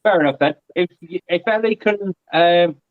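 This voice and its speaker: A man talks in a lively, chatty way, his voice sitting a little high. He is on a video call, and the sound comes through muffled and lo-fi with no room echo. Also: normal speed. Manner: chatty and animated. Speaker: guest. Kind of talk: casual live-stream chat.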